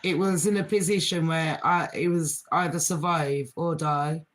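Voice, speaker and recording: A woman's voice: low-pitched, fairly even intonation, normal speed. Woman, middle-aged, chatty, rambling, slangy, casual live chat. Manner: slangy street talk. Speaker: livestream host.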